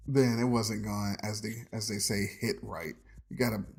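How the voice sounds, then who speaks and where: A man's voice: medium pitch, unhurried, darkish tone. A man in his forties hosting a podcast, talking in a loose, rambling way, with frequent "um"s and laughs. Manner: rambling, laughs often, says "um" a lot. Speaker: podcast host. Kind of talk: casual nostalgic monologue.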